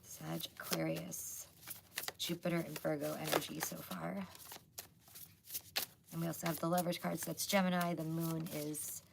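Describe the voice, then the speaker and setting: Low, gravelly-voiced woman reading tarot. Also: flat delivery, normal speed, long pauses, noisy background. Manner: chatty, loose, many fillers. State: hoarse, losing her voice. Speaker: psychic tarot reader hosting a live stream. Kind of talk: casual live tarot reading.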